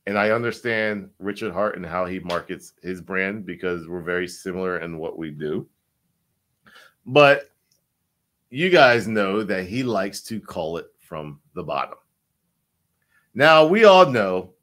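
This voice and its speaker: A man with a lowish voice walks through price charts in a loose, swearing style. His pitch swings widely, rising loud and dropping low as he hammers the same point again and again. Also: slow pace, long pauses. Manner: animated, repetitive, swears, sweeps between loud and low. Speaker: crypto chart analyst. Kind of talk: casual chart breakdown.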